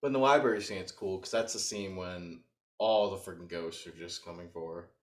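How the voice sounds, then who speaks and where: A laid-back man co-hosting a movie podcast, laughing easily and mostly keeping his replies brief. His voice sits a bit low, with an echoey room around it. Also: a little fast. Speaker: podcast co-host. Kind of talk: casual movie review chat.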